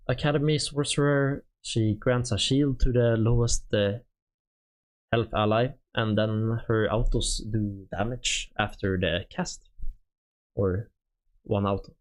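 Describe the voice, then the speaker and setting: A man with a Swedish accent, a native Swedish speaker, streaming and reading through game units in a halting, casual way with many fillers. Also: on the low side.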